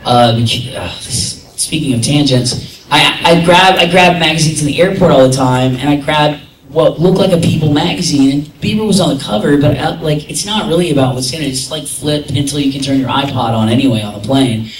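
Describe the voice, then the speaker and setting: A man rambling through stories at a convention panel, piling on filler words as he goes. His voice is mid-pitched and picked up from a distance in an echoey hall. Faint room noise sits under it. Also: brisk. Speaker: convention guest voice actor. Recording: echoey hall, recorded from afar.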